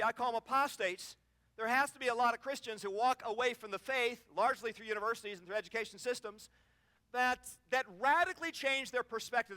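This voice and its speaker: In a conference hall, a middle-aged speaker gives an impassioned sermon in an extremely high pitch, recorded with no room sound. His storytelling is animated, and he performs the cries in each tale.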